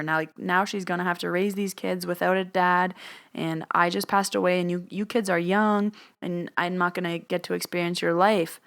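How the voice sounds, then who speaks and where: A woman's voice: lowish voice, steady tone, normal speed, a bit bright. A young adult woman, a medium, telling a story in a casual, chatty way, often saying "like" and acting out what she and others said. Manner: chatty, says "like" often, quotes herself and others.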